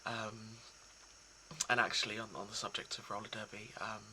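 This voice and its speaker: A man talking casually and reflectively to his viewers, soft and hesitant, with many pauses and restarts. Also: lowish voice, little pitch movement, slight background noise, low-quality recording. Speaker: poetry reader.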